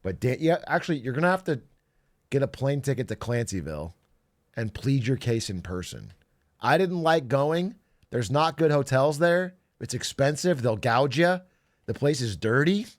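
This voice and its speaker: Animated swearing male streamer. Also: medium pitch. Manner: swearing, animated, jokey rants. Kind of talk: casual livestream chat.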